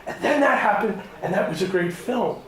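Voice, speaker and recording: A man's voice: high-pitched, moderate pace, fairly bright tone. Rambling man interviewer in an echoey room. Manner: rambling, many restarts, emotional. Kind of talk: casual film interview. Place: hotel room at a film festival.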